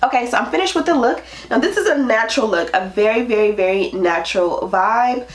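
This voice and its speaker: A congested woman with a cold, chatting casually as a beauty vlogger through a wig tutorial, with relaxed asides. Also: on the high side, brisk.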